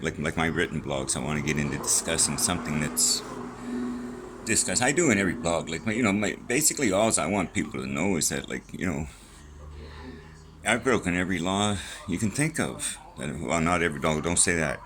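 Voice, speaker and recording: A man's voice: deep voice, expressive, fairly quick, fairly bright tone, a little hiss or hum, poor audio. A middle-aged man rambling casually and profanely in a vlog from a small room at home, jumping from topic to topic. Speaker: vlogger.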